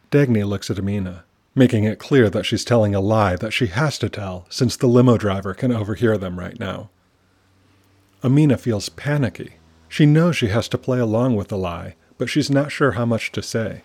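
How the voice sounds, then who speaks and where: A man narrating a children's adventure story in a calm, measured reading. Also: fairly low pitch, breathy edge.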